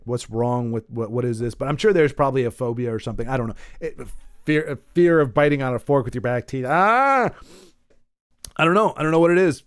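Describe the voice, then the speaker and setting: A man's voice: on the high side, no room sound, clean studio sound. A man hosting a comedy podcast, telling rambling stories with self-deprecating asides and lots of trailing off. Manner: pained yelps while wincing. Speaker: podcast host.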